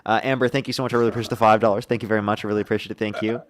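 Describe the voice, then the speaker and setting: A man's voice: fairly low pitch, flat delivery. A man hosting a live online debate stream, reading out donations and pressing his guest with mocking questions. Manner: mocking, rapid-fire, laughs at opponent. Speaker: livestream debate host. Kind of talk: heated live debate and donation shout-outs.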